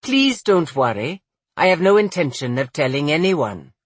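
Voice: medium pitch, sing-song, normal speed, husky, no echo. Narrator voicing a determined young noblewoman. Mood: insistent. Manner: insistent, questioning.

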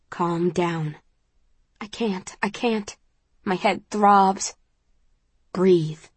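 A woman reads a first-person story with tense, vivid narration. Her voice has a soft, breathy edge, and it sounds dry and close, with no room around it. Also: medium pitch, no echo. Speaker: audiobook narrator.

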